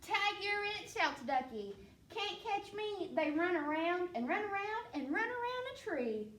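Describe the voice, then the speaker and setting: A woman librarian reading a children's picture book aloud in a playful, animated way, with sound effects. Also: very high-pitched, measured pace, slight background noise. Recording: echoey room, mic at a distance.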